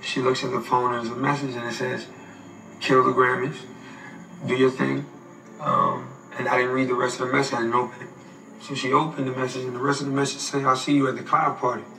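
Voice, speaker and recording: A man's voice: medium pitch, level tone, brisk, bright, forceful tone, reverberant, distant mic, soft background music, low-quality recording. A man giving a documentary interview, telling a story in casual slangy speech.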